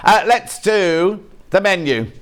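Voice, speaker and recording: Slow and animated, a man with a high-pitched voice runs a live shopping channel show from a TV studio, with slight background noise. He keeps the sales chat light, joking with the crew and reading viewer messages out loud.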